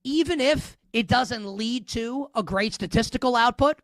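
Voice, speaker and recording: A woman sports radio host delivers opinionated commentary with a sarcastic, emphatic edge. Her voice sits somewhat high. The sound is close and dry, with no room around it. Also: measured pace, dry recording. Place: radio studio.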